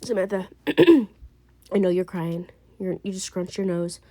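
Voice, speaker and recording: A woman voicing a young husband who gently reassures his wife and keeps repeating himself, in an amateur role-play drama. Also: mid-range voice, animated, slow, no echo, pitched below the performer's own voice. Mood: reassuring. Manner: soothing, insistent, repeats himself.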